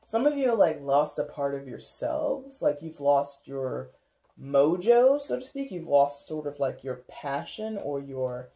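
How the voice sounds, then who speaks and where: Slow and mellow, with medium pitch, lively intonation and some vocal fry, a tarot reader walks viewers through a casual reading. Her warm talk wanders, heavy on "like" and "kinda," broken by laughs and acted-out viewer reactions.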